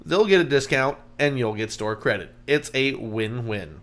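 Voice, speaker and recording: A man's voice: medium pitch, lively intonation, normal speed, fairly bright tone. A man co-hosting a podcast, reading a sponsor ad casually and joking around with his co-host. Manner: joking, breaks up laughing while reading. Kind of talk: casual ad read.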